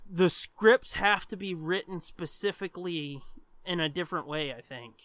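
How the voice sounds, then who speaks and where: A man co-hosting a podcast in casual chat, animated and rambling, swearing freely. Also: high voice, normal speed, no room sound. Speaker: podcast co-host.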